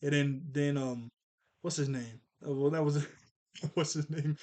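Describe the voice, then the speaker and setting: A man hosts a casual review of a cartoon episode, retelling it scene by scene. His voice sits a little higher than most men's, and he rambles, chuckles and corrects himself as he goes. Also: steady tone, a little slow, mellow.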